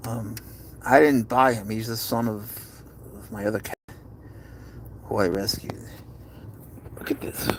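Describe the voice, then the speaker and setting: Man gushing over his cat, gravelly. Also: steady tone, measured pace, pauses often, slight background noise. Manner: doting, gushes at his cat in a high baby-talk voice. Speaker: pet owner vlogger. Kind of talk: casual live-stream chat. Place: inside a car.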